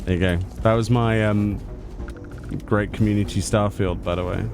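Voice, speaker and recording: A man's voice: on the low side, fairly even intonation, moderate pace, over music. A man giving casual commentary while streaming a game, with wry, self-mocking asides. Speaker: gameplay streamer. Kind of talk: casual let's-play commentary.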